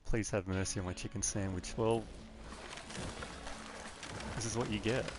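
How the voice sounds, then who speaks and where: A man's voice: on the low side, fairly even intonation, normal speed, noisy background. A man with an Australian accent, chatting casually and rambling into rants while livestreaming a game. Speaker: gaming livestreamer. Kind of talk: casual gameplay commentary.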